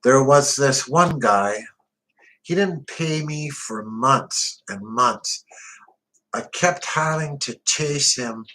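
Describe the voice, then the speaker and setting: Slow, blunt man telling a crime memoir. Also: medium pitch, bright, forceful tone, a little hiss or hum, low-quality recording. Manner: blunt, profane tough-guy storytelling. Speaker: narrator. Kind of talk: first-person memoir narration.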